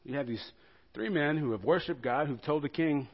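A man preaching a sermon as pastor, telling the story with animated rhetorical questions to the congregation. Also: a little high, normal speed, lo-fi sound.

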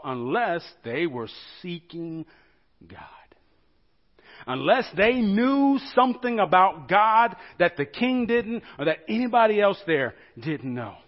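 A man preaching a sermon as pastor, telling the story with animated rhetorical questions to the congregation. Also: sits high, measured pace, highs cut off.

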